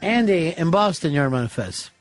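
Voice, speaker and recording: A man hosting a studio radio talk show, dry and probing as he questions his guest and takes calls. His voice sits a little high for a man, with faint music underneath. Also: sing-song, moderate pace.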